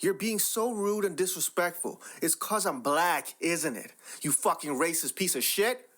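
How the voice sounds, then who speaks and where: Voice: mid-range voice, lively intonation, unhurried, a bit bright. A reader voicing a rude, foul-mouthed, demanding woman customer in a narrated story. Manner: curt, profane, demanding.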